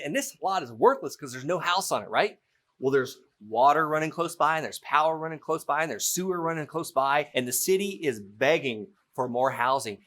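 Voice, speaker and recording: A middle-aged man teaching real estate by acting out a phone negotiation as a lively story. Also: fairly high pitch. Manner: animated storytelling, playful role-play. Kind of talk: teaching through an acted-out example.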